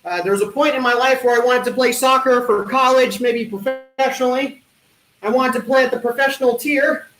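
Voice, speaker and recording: A man doing stand-up one-liners at an online talent show, with a deadpan punning delivery and hesitant fillers. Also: very high-pitched, fairly quick. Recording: echoey room.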